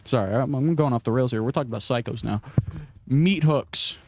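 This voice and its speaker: Young male vlogger, loose crude rambling, mid-pitched, self-mocking. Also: fairly quick, darkish tone, slight background noise. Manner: rambling, crude, self-deprecating, with frequent restarts. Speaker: gaming vlogger. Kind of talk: casual rambling commentary while playing.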